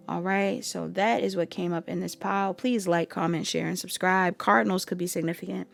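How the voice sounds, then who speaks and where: A woman's voice: fairly low pitch, fairly even intonation, a little fast, gravelly, hardly any pauses. A sleepy woman giving a casual pick-a-card tarot reading, chatty and rambling, with frequent ums and little laughs. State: sleepy, staying up late.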